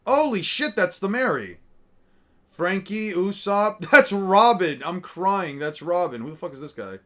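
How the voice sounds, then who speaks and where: A man with a slightly high voice talks loosely and profanely. He rambles and mutters names to himself as he reacts, in an offhand, unscripted way. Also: expressive, unhurried, pushed and bright. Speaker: streamer reacting to artwork. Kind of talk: casual commentary.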